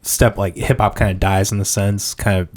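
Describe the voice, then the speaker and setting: Male host, low-pitched, loose rambling talk in studio chat. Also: little pitch movement, normal speed. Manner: rambling, loose, filler-heavy, crude jokes. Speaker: podcast host. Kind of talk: casual podcast chat. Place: podcast studio.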